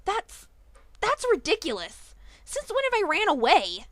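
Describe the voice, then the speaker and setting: A woman voicing a defensive, guilt-ridden female pegasus pony in a fan audiobook reading, halting and stammering as she talks. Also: very high-pitched, huge pitch swings, fairly bright tone, no echo, voice pushed up, heavily acted.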